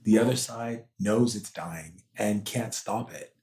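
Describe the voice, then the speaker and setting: A man's voice: lowish voice, unhurried, mellow. A man being interviewed on a podcast as a spiritual teacher, telling a personal story in an intense, emotional way. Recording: roomy echo.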